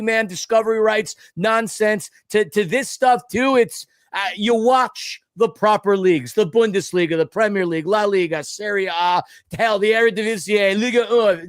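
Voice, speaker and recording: A man's voice: high-pitched, dry recording, studio quality. A man co-hosting a casual sports podcast, rambling and ranting, often stumbling over his words. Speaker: podcast co-host.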